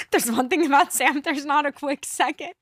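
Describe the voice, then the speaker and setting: Young woman guest on a podcast, kinda high voice, chatty, laughs a lot, dry close sound. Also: unhurried, a bit bright. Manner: chatty, laughs often, echoes the host. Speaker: guest, best friend of host. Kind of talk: casual chat.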